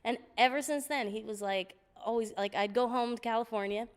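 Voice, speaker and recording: Lively middle-aged woman telling stories in a reverberant hall. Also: a little high, fairly quick, clear, resonant tone. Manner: lively storyteller, laughs often, acts out quotes. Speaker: guest singer. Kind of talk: storytelling interview.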